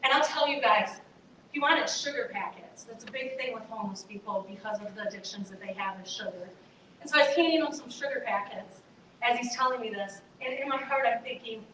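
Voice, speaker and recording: A woman's voice: a little high, brisk, fairly bright tone. A woman giving an earnest, conversational chapel talk to students, speaking directly to her listeners. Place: chapel hall. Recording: echoey hall, voice from far off, faint noise.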